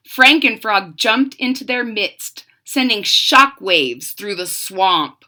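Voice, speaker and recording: A young woman reading a picture book aloud to children, acting out the words and stopping to explain what the pictures show. She speaks very slowly, with a lively rise and fall. Her tone is bright and sharp. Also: medium pitch. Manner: expressive storytelling with explanatory asides. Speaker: storybook reader.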